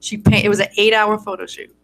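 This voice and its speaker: A woman with a raspy voice, a singer-songwriter chatting easygoing as a guest in a radio studio. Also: flat delivery, quick pace, a bit bright, soft background music. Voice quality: raspy low voice. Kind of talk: casual radio interview chat.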